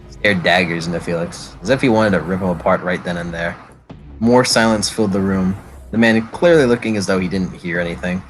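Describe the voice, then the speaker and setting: A man narrating a tabletop role-play game as its game master, describing scenes with fillers and quick self-corrections. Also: low voice, rough recording. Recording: faint background music.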